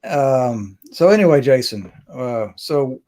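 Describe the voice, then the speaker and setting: A man's voice: mid-range voice, expressive, takes it slowly, mellow. Rambling man telling a story. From Mississippi. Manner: rambling, self-interrupting, laughs at his own story. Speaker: host. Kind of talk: casual storytelling chat. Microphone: webcam or phone on video call.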